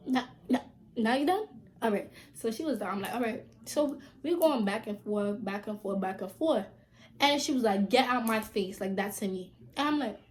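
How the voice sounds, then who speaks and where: A young woman vlogger telling a storytime, animated and blunt, acting out quoted lines with loud bursts and casual swearing. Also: on the high side. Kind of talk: storytime vlog.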